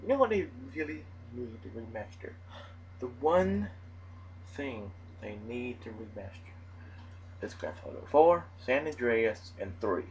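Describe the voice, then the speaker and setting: A man hosting casual gameplay commentary, excitable and jokey, who breaks into mock-outraged shouts. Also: medium pitch, a little slow, background noise. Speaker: gaming channel host.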